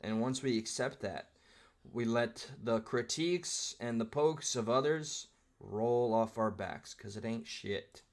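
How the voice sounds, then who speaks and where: A man in a middle-pitched voice comments on a clip as it plays live. He rambles and reflects, drops in casual profanity, and keeps his tone conversational. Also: takes it slowly. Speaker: streamer reacting to a clip.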